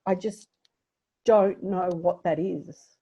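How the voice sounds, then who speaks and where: Speaking slowly in a fairly low, steady, mellow and husky voice, this middle-aged Australian woman shares a personal story as a podcast guest. She is candid and reflective, growing emotional at times, on a dull lo-fi recording.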